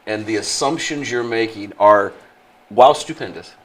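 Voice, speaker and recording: A man's voice: fairly low pitch, moderate pace. A man co-hosting a radio show, chatting in a sarcastic, rambling way and laughing often. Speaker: radio co-host. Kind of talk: casual studio banter.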